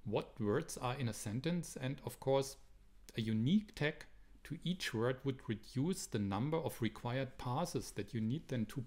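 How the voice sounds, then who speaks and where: A man's voice: mid-range voice, a little mellow. Man giving a recorded university lecture. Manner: explanatory, rhetorical questions, frequent restarts.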